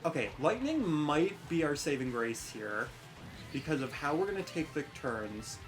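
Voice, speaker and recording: A woman's voice: deep voice, very animated, unhurried, over music. A young woman giving casual, rambling let's-play commentary over a racing game, joking about herself and yelping at the action. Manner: chatty, rambling, self-mocking, yelps at the game. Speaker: gaming commentator.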